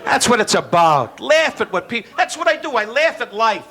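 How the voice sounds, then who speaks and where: A man doing a brash insult stand-up routine, teasing and shouting at people in the live audience. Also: very high voice, big pitch swings, normal speed. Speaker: stand-up comedian. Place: stage before a live audience. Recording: noisy live recording with loud crowd.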